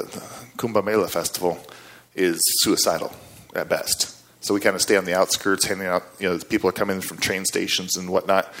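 Low-voiced man preaching an earnest sermon. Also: a bit bright. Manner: earnest, conversational, checks in with the audience. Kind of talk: storytelling sermon.

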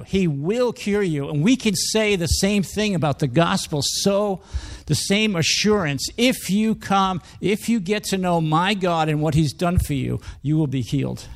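A man preaching a sermon in a conversational, emphatic way, reading scripture and acting out quoted speech. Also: high-pitched.

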